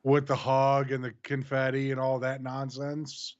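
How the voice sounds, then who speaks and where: A man's voice: medium pitch, completely flat delivery, a little slow, no room sound. Guy co-host, wry dry comments, mid voice, bit muffled dry mic. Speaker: podcast co-host. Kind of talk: casual wrestling review chat.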